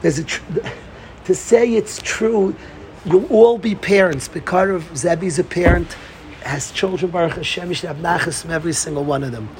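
Excitable high-voiced man giving a Torah talk. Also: normal speed. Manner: excitable, repeats himself, restarts sentences. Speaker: Torah teacher. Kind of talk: informal Torah talk to a group.

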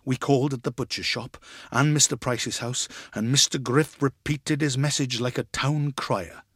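A man gives an expressive dramatic reading of a story, acting out the voices. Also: mid-range voice, normal speed, husky, no room sound, clean studio sound. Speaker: reader.

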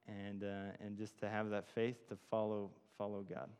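A man's voice: on the low side, level tone, moderate pace, smooth. Man preaching casually in an echoing hall. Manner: rambling, many fillers and restarts. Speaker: church speaker. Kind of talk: informal sermon with personal story. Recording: long hall reverb.

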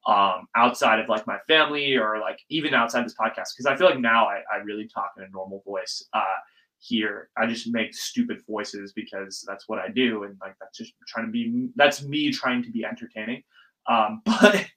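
A young man hosting a casual solo podcast, talking in an animated, ranting way and swearing freely. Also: on the low side, moderate pace, rough recording. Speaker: podcast host.

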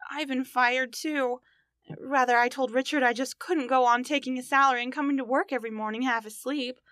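An actress playing a level-headed, caring young roommate in a 1940s radio sitcom, with a brisk, sensible delivery. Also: female voice, sits high, fairly even intonation, a bit bright, dry recording, studio quality.

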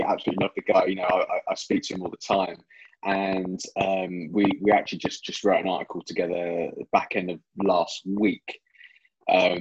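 A man's voice: low voice, darkish tone, breathy edge, lo-fi sound. A British man, a fitness writer, chatting as a podcast guest over a remote call, often repeating words as he thinks. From Britain. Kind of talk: casual interview chat.

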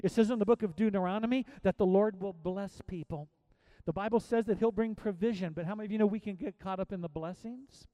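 A middle-aged man preaching as a pastor, swinging between soft pleading and loud emphatic exhortation with many repeated phrases. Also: high voice, fast, no room sound. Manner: preaching with rising and falling intensity, repetitive exhortations. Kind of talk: sermon.

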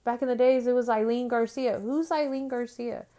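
A middle-aged woman sharing her testimony, telling the story with lively acted-out dialogue. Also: fairly high pitch, normal speed. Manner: animated storytelling, acting out dialogue. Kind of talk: testimony talk.

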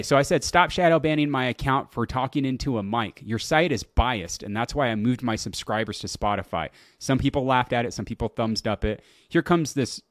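A man's voice: medium pitch, no echo, studio quality. A middle-aged man hosting his podcast alone, telling a story in a casual, incredulous way, swearing and laughing at his own story. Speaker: podcast host. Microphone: close podcast mic.

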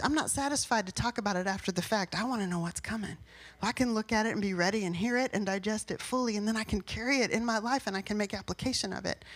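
A woman pastor giving a sermon in a personal, conversational way, rising into emphatic bursts. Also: mid-range voice.

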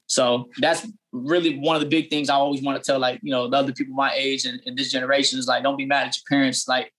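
A young adult barber tells his story in a casual interview, sincere and full of fillers and false starts. He speaks quickly in a mid-range voice with a fairly bright tone and little rise or fall in pitch.

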